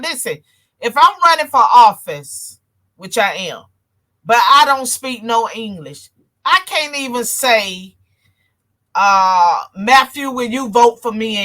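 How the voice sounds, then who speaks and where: A woman from North Carolina hosts a casual talk show, her country twang coming through. She speaks slowly and deliberately, with a bright, forceful tone, and calls out to her audience with y'all. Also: on the high side. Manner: chatty, addresses viewers as y'all, reads comments. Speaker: show host. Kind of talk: casual political talk livestream.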